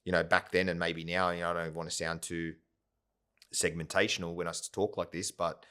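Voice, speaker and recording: Guest spot: man, low voice, rambling storyteller, keeps checking in with the listener. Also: flat delivery, brisk, sharp tone, clean tone. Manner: rambling, full of "yeah?" and "right?" tags. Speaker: podcast guest, company founder. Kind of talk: casual storytelling interview.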